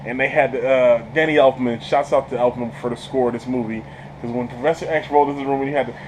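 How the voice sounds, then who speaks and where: A man giving a casual movie review, an excitable storyteller who stumbles over repeated words, laughs often and talks in slang. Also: medium pitch, quick pace, slight background noise, low-quality recording. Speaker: channel host reviewing a film.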